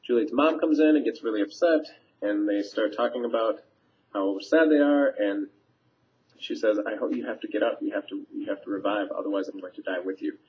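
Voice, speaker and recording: A teacher talks students through a play scene in a relaxed, conversational way. His man's voice sits on the low side. The recording is dull and lo-fi, as from a webcam microphone. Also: fairly quick. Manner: conversational, paraphrasing lines with fillers. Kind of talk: casual scene summary for students. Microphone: webcam mic.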